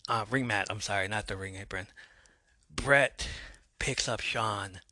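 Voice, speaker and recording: A man hosting a podcast, telling a match play by play in a slow storytelling way, with fillers and self-corrections. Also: mid-range voice, sharp tone, no echo. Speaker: podcast host. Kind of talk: play-by-play recap.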